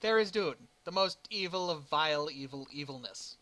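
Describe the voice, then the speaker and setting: A man's voice: a little high, animated, normal speed, bright, forceful tone. A man playing a grumpy, reluctant male pilot who grumbles and answers with sarcasm in a tabletop game. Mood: sarcastic.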